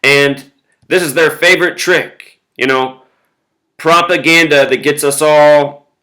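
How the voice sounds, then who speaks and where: A man's voice: fairly high pitch, steady tone, takes it slowly, bright, forceful tone, rough recording. A man talking straight to his viewers in a casual monologue, emphatic, with lists of repeated words and frequent "you know". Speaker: video blogger.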